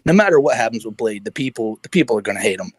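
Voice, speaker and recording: A man co-hosting a podcast who gives quick, opinionated commentary. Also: lowish voice, expressive, slightly rough, dry recording. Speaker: podcast co-host. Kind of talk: casual chat.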